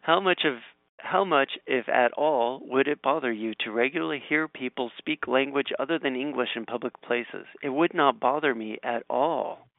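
A man with a gravelly, fry-edged voice reads out quiz questions and mulls over his answers in a casual chat. He hesitates often, with ums and restarts. The sound is tinny and phone-like. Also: mid-range voice, moderate pace, dry recording. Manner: thinks aloud with many ums and restarts. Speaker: quiz taker reading questions aloud.

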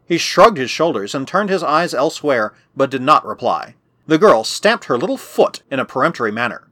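Expressive male audiobook narrator. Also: medium pitch, a little fast. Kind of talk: scripted narration.

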